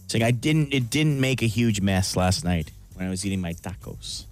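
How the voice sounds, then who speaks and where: A man's voice: fairly low pitch, animated, normal speed, soft background music. A man co-hosting a morning radio show, joking and teasing his co-hosts. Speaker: radio co-host.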